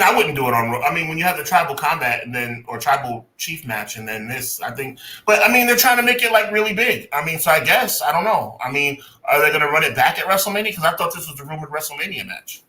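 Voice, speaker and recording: A man's voice: a little high, sing-song, brisk, sharp tone, echoey room. A man co-hosting a wrestling podcast, chatting casually and hedging his opinions. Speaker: podcast co-host.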